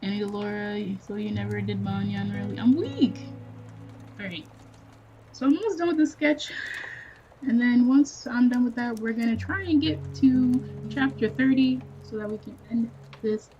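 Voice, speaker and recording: A woman's voice: fairly high pitch, moderate pace, mellow. Chatty young woman streaming with music behind. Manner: chatty, laughing, reads chat aloud. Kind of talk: casual live-stream chat. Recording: dull lo-fi stream audio with faint music.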